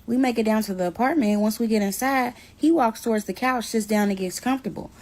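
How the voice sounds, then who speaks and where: A woman's voice: fairly high pitch, quick pace. A woman telling a personal story on her vlog in a casual, blunt way, swearing now and then. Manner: blunt, animated retelling with swearing. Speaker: storyteller vlogger.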